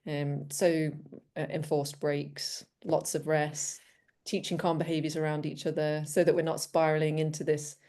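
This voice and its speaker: A woman's voice: low-pitched, little pitch movement, normal speed, warm tone. A woman speaking as a dog trainer guest in a casual interview, bubbly and laughing often, acting out her dogs.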